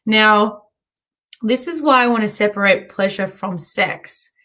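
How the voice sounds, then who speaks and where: A woman hosting a show, telling a story in a chatty, animated way and often breaking into giggles. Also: medium pitch, unhurried. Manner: chatty and animated, self-interrupting. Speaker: host. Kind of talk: casual storytelling monologue.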